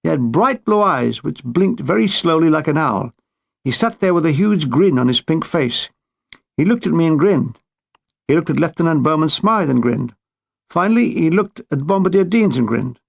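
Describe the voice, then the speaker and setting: A man reading his own war memoir with a dry, deadpan comic delivery. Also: fairly high pitch, normal speed, creaky. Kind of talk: audiobook memoir narration.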